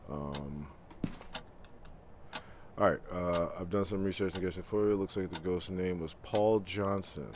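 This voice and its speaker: A man's voice: deep voice, steady tone, measured pace, pauses often. A man streaming a horror game, talking to himself in a nervous, muttering way and sometimes whispering. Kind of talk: casual live-stream commentary. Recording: noisy stream audio with game ambience.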